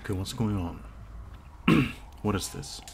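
A man's voice: fairly low pitch, sing-song, a little slow, creaky, faint music behind. A young man giving loose, profane let's-play commentary at home while eating, close on a desk microphone. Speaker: streamer.

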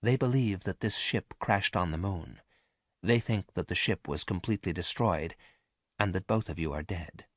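A man voicing a calm male spaceship crewman who speaks quietly and evenly. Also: mid-range voice, moderate pace, dry recording, clean studio sound, close to an everyday voice. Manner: quiet, level.

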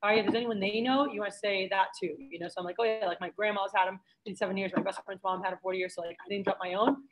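A young woman leading a sales training session, talking fast and chatty and acting out customer exchanges for her trainees. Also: medium pitch, fairly even intonation, rough recording. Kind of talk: sales training talk to a group. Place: office room with trainees.

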